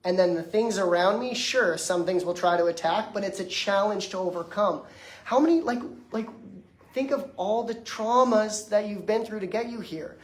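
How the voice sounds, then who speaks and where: A man's voice: high voice, normal speed. Young man in his twenties, emphatic motivational speaker addressing a live audience, recorded in a reverberant room. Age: 20s. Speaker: detox practitioner giving a lecture. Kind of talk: motivational lecture. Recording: echoey room.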